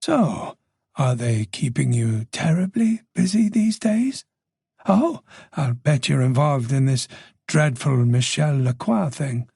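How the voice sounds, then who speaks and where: A man's voice: medium pitch, lively intonation, creaky, warm tone, slightly rough, no echo, clean studio sound, heavily acted. A man doing a gossipy older woman with a faint Dublin lilt. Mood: chatty. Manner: gossipy, teasing, talks on quickly. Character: chatty, observant older woman neighbour.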